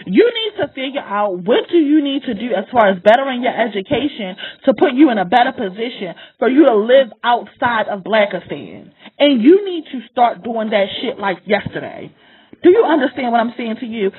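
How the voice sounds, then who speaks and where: Husky high-voiced woman preaching hard. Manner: forceful, profane, repeats lines for emphasis, speaks straight to the listener. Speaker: vlogger. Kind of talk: impassioned direct-to-camera monologue. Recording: tinny phone-like sound.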